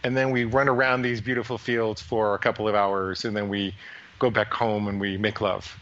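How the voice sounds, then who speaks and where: A man telling a joke doing the ghost of an old husband, flat and deadpan as he lists his days in the afterlife. The voice sounds bright, and the recording comes through dull and lo-fi. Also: lowish voice, moderate pace, close to an everyday voice.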